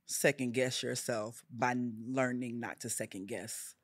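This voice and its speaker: A woman's voice: rumbling low, steady tone, breathy edge, no echo. Earnest woman in a dry close room. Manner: emotional, earnest, drawn-out phrasing. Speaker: guest, older sister. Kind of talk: casual podcast conversation.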